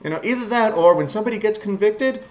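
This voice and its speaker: A man's voice: high-pitched, animated, quick pace, a little mellow. Guy going thru old news, blunt and sarcastic, kinda muffled lo-fi audio. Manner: sarcastic, blunt, chuckles often. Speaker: vlogger reading news. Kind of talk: casual news commentary. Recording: slightly muffled lo-fi home recording.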